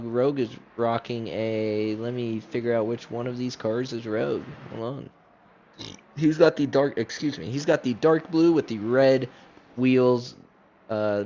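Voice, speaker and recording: A man in an easygoing commentary mode, walking viewers through a sim race and stopping to correct himself. His voice sits at an ordinary middle pitch. The audio is dull and lo-fi, with a faint background hum. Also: darkish tone. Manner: chatty, self-correcting, talks straight to viewers. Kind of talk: casual live race commentary.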